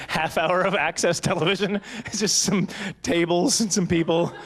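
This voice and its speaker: A man's voice: high voice, fairly even intonation, moderate pace. A man performing a rambling, self-mocking stand-up comedy set at a banquet, jumping into silly voices. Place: banquet hall stage.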